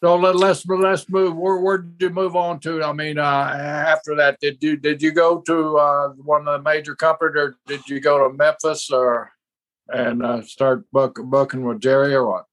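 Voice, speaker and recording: A man hosting a casual chat, asking questions with halting restarts. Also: fairly high pitch, little pitch movement, a bit bright. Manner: halting, repeats words when asking. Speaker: host.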